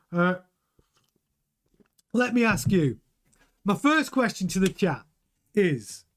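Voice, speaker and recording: A middle-aged man hosting a live stream, talking casually and animatedly and often restarting his sentences while he reads the chat. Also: sits high. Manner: chatty, animated, repeats words and restarts. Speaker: show host reading live chat.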